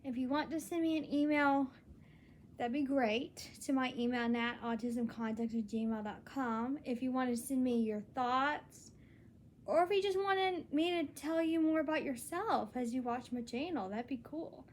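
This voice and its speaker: A woman's voice: sits high, moderate pace, slight background noise. A young woman talking in a casual solo vlog, earnest and rambling, with many restarts. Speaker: vlogger.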